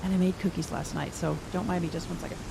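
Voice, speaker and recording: A woman's voice: on the low side, fairly even intonation, quick pace, creaky, background noise. A middle-aged woman giving casual gameplay commentary, chatty and thinking aloud with wry asides. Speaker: gaming streamer.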